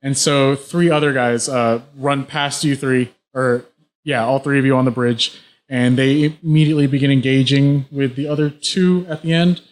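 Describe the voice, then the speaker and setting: Male game master, mid-pitched voice, vivid play-by-play narration. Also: fairly even intonation, moderate pace. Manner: vivid play-by-play with frequent restarts.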